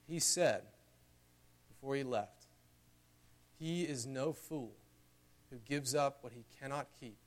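A man preaching a sermon in a church, earnest, building louder and higher toward emotional peaks. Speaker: pastor.

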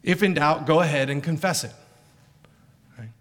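A man's voice: a little high, moderate pace, fairly bright tone. Earnest preacher man in a reverberant hall. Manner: earnest, emphatic preaching with rhetorical questions. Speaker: pastor. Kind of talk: sermon.

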